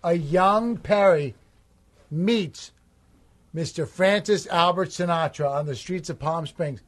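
Higher-voiced man setting up a scene. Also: takes it slowly. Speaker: podcast regular, improv director. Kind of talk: casual chat.

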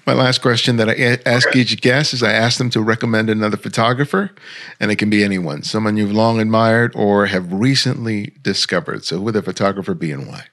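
A man's voice: lowish voice, fairly even intonation, fairly quick, fairly bright tone. A man hosting an interview, reacting briefly and asking his guest a closing question. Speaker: podcast host.

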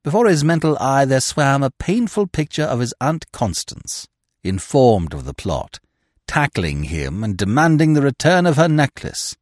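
A man narrating a comic classic novel as an audiobook, telling it with expressive storytelling. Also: medium pitch, normal speed, no room sound, studio quality. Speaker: narrator and podcast host.

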